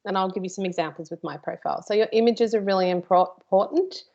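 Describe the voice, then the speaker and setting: A woman's voice: mid-range voice, quick pace, darkish tone, lo-fi sound. A woman teaching a live workshop, chatty and informal, with playful asides to her host. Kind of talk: live online workshop presentation.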